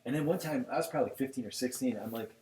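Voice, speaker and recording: Middle-aged man, fast and profane, storytelling podcast co-host, echoey room, mic at a distance. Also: mid-range voice, mellow. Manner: rambling storyteller, profane, quotes people in dialogue. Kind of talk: casual chat. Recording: roomy echo, mic set back, faint noise.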